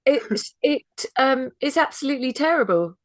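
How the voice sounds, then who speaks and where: A woman's voice: high voice, animated, normal speed, dry recording. A woman co-hosting a podcast, chatting casually with an emphatic, indignant manner. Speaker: podcast co-host. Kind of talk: casual chat.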